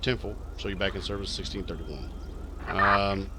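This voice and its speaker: A man's voice: on the low side, fairly even intonation, brisk, noisy background. A man with a Texan accent, casually chatting and swearing through a live stream while playing a police officer in a role-play game. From Texas. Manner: profane, brash, chatty, reads chat aloud.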